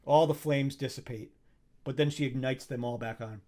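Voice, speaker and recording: A man's voice: medium pitch, steady tone, normal speed, dark tone. A man narrating a tabletop game as dungeon master, describing scenes and speaking for characters.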